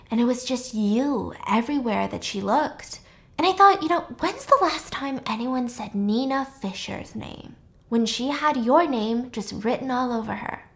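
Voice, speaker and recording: Animated woman recapping a film. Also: fairly high pitch. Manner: animated, acts out characters with quoted voices, swears freely. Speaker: podcast host. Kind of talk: casual movie recap.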